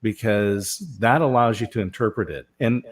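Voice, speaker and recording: A man's voice: fairly low pitch, moderate pace. A man hosting a live panel talk show, telling stories and often asking "right?". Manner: storytelling, asks rhetorical "right?". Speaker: show host.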